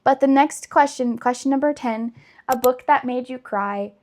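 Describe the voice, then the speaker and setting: A woman's voice: sits high, normal speed, darkish tone, a little hiss or hum. A young adult woman chatting casually and gushing about books she loves, with lots of "like". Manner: chatty, gushing, many likes. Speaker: book vlogger. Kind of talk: casual chat.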